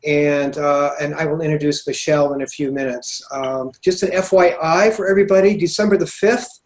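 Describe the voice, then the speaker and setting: A man hosting a coaching webinar over a video call, talking haltingly with many fillers. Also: fairly high pitch, steady tone, darkish tone. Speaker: host.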